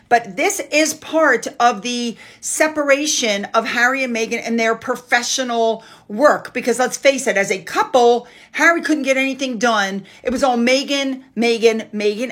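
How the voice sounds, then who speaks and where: A woman's voice: fairly high pitch, fairly bright tone. A woman hosting a podcast, giving sarcastic, opinionated commentary. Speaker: podcast host.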